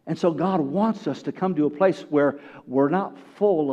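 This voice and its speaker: A man with a high voice preaches a sermon, swinging from loud, raised bursts down to hushed, low phrases and calling out to his congregation. The recording sounds dull and lo-fi. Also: normal speed, hardly any pauses. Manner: calls out to the congregation. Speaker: pastor.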